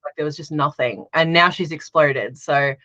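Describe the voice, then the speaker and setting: A talkative woman guest with a low-leaning but strikingly bright, forceful voice. She chats with lots of "um"s and "like"s and laughs easily. The recording is dry and a bit dull. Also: moderate pace, no room sound. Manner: warm-hearted, chatty, laughs often, uses fillers like "um" and "like". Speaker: guest, witch and tarot reader. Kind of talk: casual interview chat.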